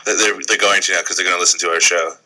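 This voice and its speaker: A man's voice: sits low, steady tone, very fast, sharp tone, poor audio. A young man co-hosting a casual radio show, throwing in sarcastic quips.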